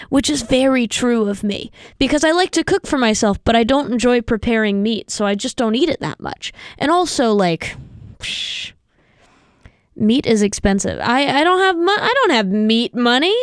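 A woman's voice: a little high, lively intonation, clean tone, dry recording, clean studio sound. A young adult woman hosting a show, talking in a casual, rambling way with lots of tangents and self-mocking asides. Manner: chatty, tangent-prone, self-mocking, quick laughs. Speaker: radio show host.

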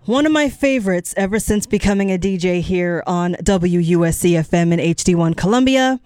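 A woman's voice: lowish voice, lively intonation, normal speed, darkish tone, clear, resonant tone, dry recording, studio quality. A middle-aged woman hosting a radio music show, talking casually between songs in a chatty, encouraging way that sometimes wanders off track. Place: radio studio. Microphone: studio microphone.

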